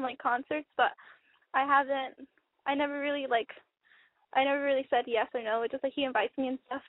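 A woman's voice: high voice, dry recording. A woman calling in while walking outdoors, talking hesitantly with many fillers. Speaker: caller. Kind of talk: phone call. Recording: tinny phone line.

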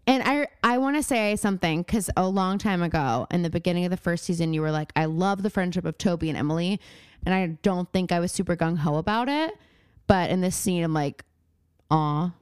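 A woman's voice: on the low side, brisk, clear, resonant tone, no room sound, clean studio sound. A young woman co-hosting a podcast, chatting casually and giggling while she recaps a TV episode. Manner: giggly, acts out characters in bursts. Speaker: podcast co-host.

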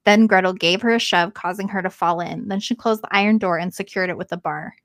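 A woman's voice: on the low side, quick pace, no echo. Woman reading a tale, dry close sound. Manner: reads aloud and breaks off often to joke and comment. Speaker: podcast co-host reading a fairy tale aloud. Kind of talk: casual read-aloud with banter.

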